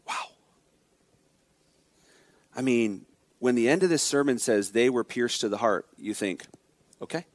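Male pastor, expository preaching, emphatic then hushed, dry close sound. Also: lowish voice, no room sound. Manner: emphatic preaching, swings from loud exhortation to quiet intensity. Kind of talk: expository sermon.

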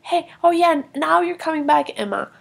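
A woman's voice: high-pitched, expressive, brisk, creaky, pitched below the performer's own voice, exaggerated voice. A woman voicing a grumpy young boy in a toy film, talking in an irritated, dismissive way. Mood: annoyed. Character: grumpy young boy, impatient big brother.

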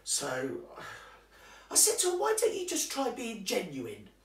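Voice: medium pitch, huge pitch swings, measured pace, gravelly, recorded from a distance, full character voice. A performer playing a nosy, cheeky older woman who gossips about a friend, chatty and confiding. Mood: gossipy. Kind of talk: comic character monologue to camera. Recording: roomy sound from away from the mic.

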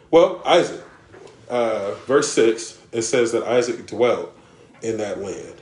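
With lively intonation and a slightly mellow mid-range voice, this man takes his time through a live-streamed sermon recorded in a roomy space. Earnest, he repeats words as he builds and frequently checks in with "right?" and "okay?"

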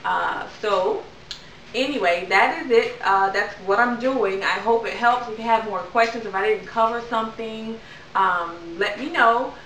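A young woman chats to her camera in a loose, rambling way, filling gaps with ums. Her voice is bright and a touch high. The recording is roomy and echoey, with the mic a little distant and a faint hiss underneath. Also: unhurried. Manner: chatty, rambling, many ums. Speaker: vlogger. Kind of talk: casual chat to camera.

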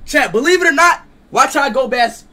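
High, lively, bright-voiced excitable male streamer. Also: a little fast. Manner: loud, excitable, swears a lot, talks to chat. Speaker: livestreamer. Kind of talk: casual livestream chat.

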